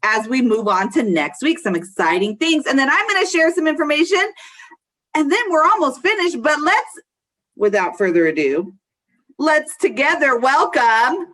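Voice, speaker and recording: Bright, lively woman hosting a school assembly. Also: high voice, moderate pace. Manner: cheerful, playful, teasing. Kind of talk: upbeat school assembly talk. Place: video call for an online assembly.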